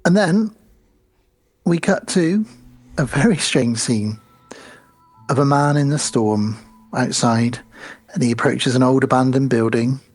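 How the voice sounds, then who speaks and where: A man's voice: medium pitch, unhurried, pauses often. A man co-hosting a horror film podcast, recapping the plot step by step and quoting the characters. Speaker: podcast co-host. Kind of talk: casual film review chat.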